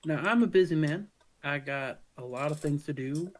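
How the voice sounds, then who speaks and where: A man voicing a disfigured crime boss with a soft, gentle Southern drawl who makes calm threats at an unhurried pace. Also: a little high, natural voice, rough recording. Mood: menacing. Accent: soft Southern US, put on.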